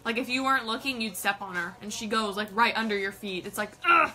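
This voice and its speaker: A woman's voice: mid-range voice, quick pace, bright, forceful tone. A woman hosting a casual live stream, bubbly and gushing, greeting viewers by name. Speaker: livestream host.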